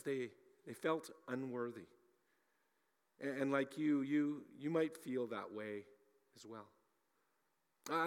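A man preaching a sermon as a pastor, animated, often repeating words as he talks and acting out little scenes. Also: mid-range voice, big-room sound.

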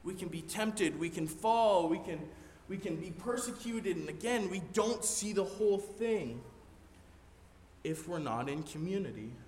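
A man preaching a sermon as a pastor, earnest and growing excited as he goes through scripture. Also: high-pitched, unhurried, a little hiss or hum. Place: church sanctuary. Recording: roomy hall reverb, faint ambience.

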